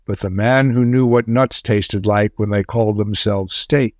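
A man narrating a wartime tale in a measured, grave storytelling manner. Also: lowish voice, fairly even intonation, a little mellow, no echo, studio quality.

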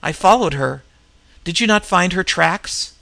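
A dazed young barbarian warrior, read by a man, talks slowly and in a bewildered way. His voice is gravelly and bright, set a touch high, in a dry, close storybook reading. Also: lively intonation, no room sound, full character voice. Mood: haunted. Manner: dazed, hoarse-edged plain speech.

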